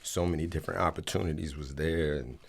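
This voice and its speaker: A man in his forties from Atlanta speaks in a very low, deep voice. He tells his story loosely and candidly in a casual interview, emotional and close to tears. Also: steady tone, fast talker, gravelly, husky. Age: 40s. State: tearful, emotional. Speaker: interview guest, actor.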